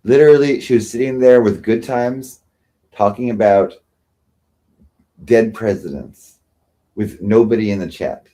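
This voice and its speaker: Lower-voiced guy ranting on his stream, sarcastic and whiny, mocking people. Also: unhurried, pauses often, mellow. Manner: sarcastic, self-pitying, mocking impressions. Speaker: livestream host. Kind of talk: rambling livestream rant.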